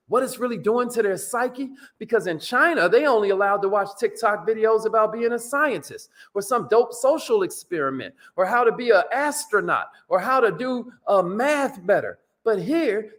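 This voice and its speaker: High-voiced energetic motivational speaker man. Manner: energetic, preachy, slangy with lively swings in pitch. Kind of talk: motivational talk.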